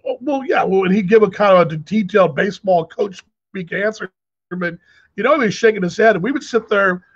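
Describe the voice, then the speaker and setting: A man's voice: sits high, brisk, breathy edge, dull audio. A man hosting a casual video call chat, telling rambling stories full of restarts. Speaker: host.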